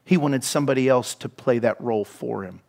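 A man preaching a sermon to his church, telling stories with animated swings and dropping to soft whispers for emphasis. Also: medium pitch, a little fast, creaky. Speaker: pastor. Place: church hall.

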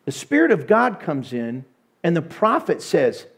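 High-voiced animated male pastor preaching. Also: unhurried. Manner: animated, acts out voices with sudden hushes and bursts. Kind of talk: sermon.

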